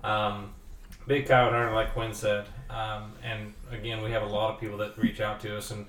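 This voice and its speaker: A man co-hosting a podcast in casual chat, matter-of-fact and quick. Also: fairly low pitch, little pitch movement, a bit bright. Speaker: podcast co-host. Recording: roomy, distant mic with faint hiss.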